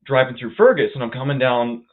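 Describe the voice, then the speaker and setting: A man's voice: mid-range voice, animated, fairly quick. A man co-hosting a podcast, telling a road-rage story in a casual, profane way and acting out his angry outbursts. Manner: profane, heated retelling with quoted outbursts. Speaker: podcast co-host. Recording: tinny phone-like audio.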